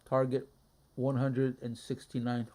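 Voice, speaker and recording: Man with a dark, mellow voice. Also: monotone. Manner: muttering thoughts aloud, low-key and halting. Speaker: day trader streaming a live trading room. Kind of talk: casual live market commentary.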